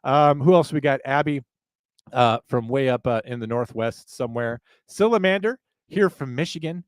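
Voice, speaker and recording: A man's voice: medium pitch, normal speed, dry recording. A man co-hosting a live podcast, rambling through jokes and profane asides. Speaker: podcast co-host.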